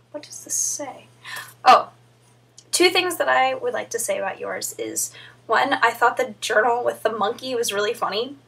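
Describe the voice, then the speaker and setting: A woman's voice: fairly high pitch, sharp tone, husky, far from the mic. A young woman vlogging in a chatty way, answering friends one by one by name. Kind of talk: casual vlog chat.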